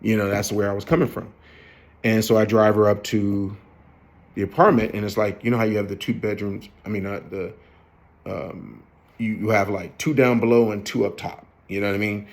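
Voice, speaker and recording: A man's voice: on the low side, steady tone, moderate pace, creaky. Profane rambling fifty-year-old man. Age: 50s. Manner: profane, rambling, many fillers and restarts. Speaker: vlogger. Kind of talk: rambling confessional storytelling.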